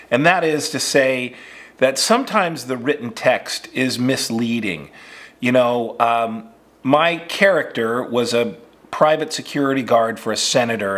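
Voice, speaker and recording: Male acting coach, easygoing storyteller with a mid-range voice. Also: mid-range voice. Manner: relaxed, conversational, with frequent fillers. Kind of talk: casual instructional storytelling.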